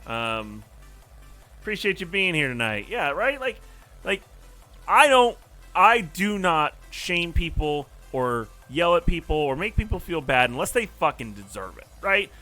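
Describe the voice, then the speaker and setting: A man's voice: on the high side, bright, forceful tone. A man hosting a livestream from his apartment, ranting in a heated, profane, casual way and talking to his chat. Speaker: livestream host.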